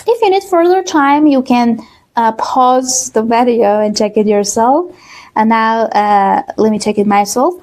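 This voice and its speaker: Woman, Persian accent, English teacher, slow delivery, lots of fillers, online lesson. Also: a little high, a little mellow. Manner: slow, many fillers, repeats words with "okay?". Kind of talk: online exam-prep lesson.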